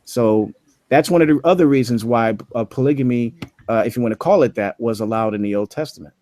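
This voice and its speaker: A man in his thirties co-hosting a faith discussion, slowing down to stress the words of the passages he reads. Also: mid-range voice, warm tone. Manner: slows down to stress scripture words. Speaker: apologetics podcast co-host. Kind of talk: casual debate chat.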